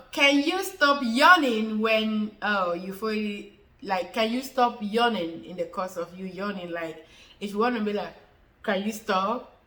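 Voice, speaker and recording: Woman with a fairly high bright voice, chatty explainer talk to viewers, says everything twice. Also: poor audio. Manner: repetitive, restates points, many fillers. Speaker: health educator answering questions. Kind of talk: informal explanatory talk to camera.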